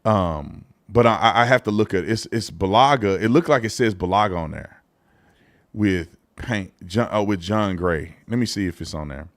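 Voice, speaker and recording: A man's voice: fairly low pitch, moderate pace, no room sound. Blunt opinionated man hosting a show. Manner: loose casual phrasing with repeated restarts. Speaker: show host. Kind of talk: live political commentary show.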